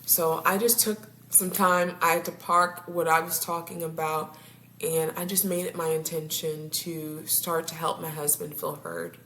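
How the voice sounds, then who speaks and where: A woman's voice: low-pitched, lively intonation, a little slow, fairly bright tone. A woman couples therapist talking casually to her viewers, laughing often and tripping over her words. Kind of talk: casual talk to camera. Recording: roomy echo, faint background hum.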